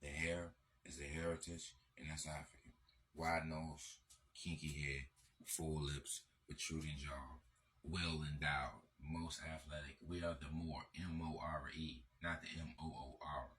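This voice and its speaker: Deep, forceful man lecturing. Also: flat delivery, measured pace. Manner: emphatic, profane, repetitive. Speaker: channel host. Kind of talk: lecturing monologue.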